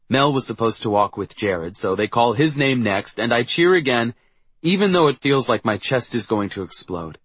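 A man's voice: mid-range voice, lively intonation, normal speed, a bit bright, breathy edge, no echo. A man narrating a first-person audiobook in a wry, reflective storytelling manner.

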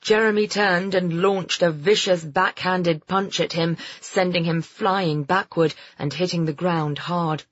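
A woman narrating a story in a slow, measured way. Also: lowish voice, steady tone, dry recording. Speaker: audiobook narrator. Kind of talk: scripted narration. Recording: dull, muffled sound.

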